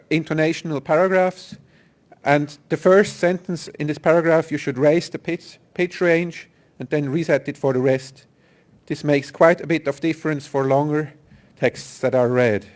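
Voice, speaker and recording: Man, conference presenter, higher-pitched, methodical, step-by-step explanation. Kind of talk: technical presentation. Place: conference hall.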